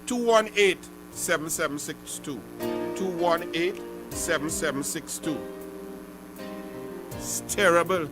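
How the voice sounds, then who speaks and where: High-voiced Trinidadian radio host, combative. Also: male voice, slow, long pauses, music in the background. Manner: combative, emphatic, repeats phrases. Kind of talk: political call-in radio talk.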